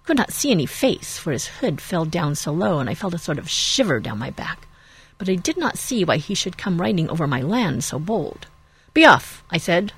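A stubborn old hobbit farmer spins his tale slowly and folksily, as a woman reads him aloud. The voice sits fairly low with a husky edge. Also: full character voice. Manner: slow relish, folksy storytelling. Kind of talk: reading aloud on radio.

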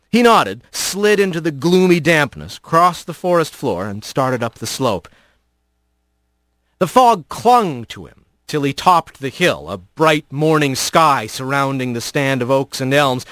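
An expressive male audiobook narrator with a slightly higher voice that rises and falls a lot. The recording is close and dry, with no room sound. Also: no room sound. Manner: expressive storytelling.

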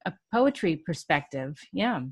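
A woman's voice: on the low side, big pitch swings, husky. Encouraging woman interviewer. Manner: encouraging, quick affirmations. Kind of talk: casual interview chat.

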